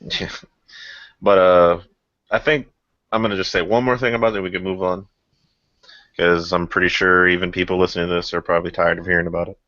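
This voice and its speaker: A young man with a low, deep voice and a forceful, bright edge, chatting loosely on a podcast. He rambles with fillers and laughs often. The audio is dry and a bit muffled. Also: flat delivery, a little fast, long pauses, no echo. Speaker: podcast host. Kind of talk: casual podcast chat.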